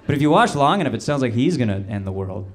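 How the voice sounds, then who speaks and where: A young adult man performing a stand-up comedy set, telling stories in a deadpan, low-key way. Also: fast, very noisy. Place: small live comedy venue with audience.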